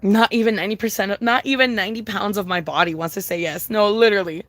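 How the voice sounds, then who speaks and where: A woman's voice: medium pitch, fast talker, fairly bright tone, dry recording. A young woman chatting casually with her viewers on a livestream, profane, emphatic and sassy, repeating her points.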